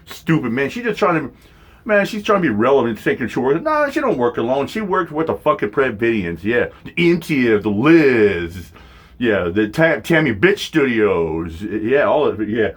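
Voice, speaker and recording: A man's voice: very animated, normal speed, breathy edge. A man hosting a stream, ranting in a profane, mocking, casual way. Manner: mocking, mimics others in high voices. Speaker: streamer host.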